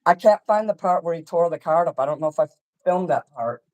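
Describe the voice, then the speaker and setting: A man's voice: fairly high pitch, animated, brisk, a little mellow, poor audio. A man ranting angrily and profanely about a friend, repeating himself and talking over the other person. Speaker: artist ranting on a call-in show. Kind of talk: agitated rambling rant.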